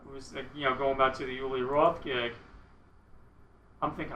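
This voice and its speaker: A middle-aged man, a guest guitarist, telling a story in a casual interview, animated and self-mocking, often laughing. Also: medium pitch, normal speed, reverberant, a little hiss or hum, rough recording.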